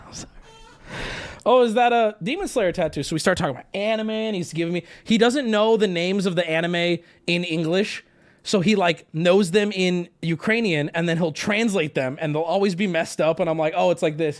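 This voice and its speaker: Young male streamer, high and lively voice, casual rambling storyteller. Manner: animated, rambling, swears freely, talks to chat.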